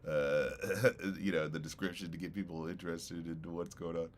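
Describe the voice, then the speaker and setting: Rambling man reacting to music, lowish voice. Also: level tone, normal speed, slight background noise. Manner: rambling, heavy on fillers and "you know what I mean", swears casually. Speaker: music reviewer hosting a listening stream. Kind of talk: casual reaction commentary.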